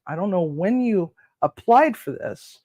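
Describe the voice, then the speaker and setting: Casual storyteller, cooking host; mid pitch, chatty, acts out dialogue. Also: measured pace. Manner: chatty, relaxed, acts out both sides of phone calls; frequent fillers and restarts.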